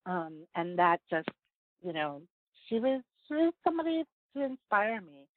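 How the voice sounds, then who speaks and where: A woman's voice: mid-range voice, very animated, normal speed, no room sound. A woman pastor and writer, a guest in a casual interview, talking in an earnest, rambling way with many fillers and restarts. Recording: phone-like line, dry.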